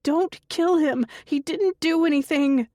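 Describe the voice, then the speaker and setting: A woman's voice: high-pitched, measured pace, darkish tone, dry recording, studio quality, pitched above the performer's own voice. Woman voicing a shrieking mother in night terrors. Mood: frantic. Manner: shrieking, frantic pleas. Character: terrified older mother screaming in night terrors.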